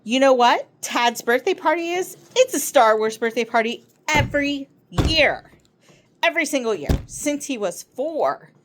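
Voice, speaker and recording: A woman voicing an excitable, chatty schoolboy who rambles eagerly through a long story. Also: high voice, a little slow, background noise, voice pushed up.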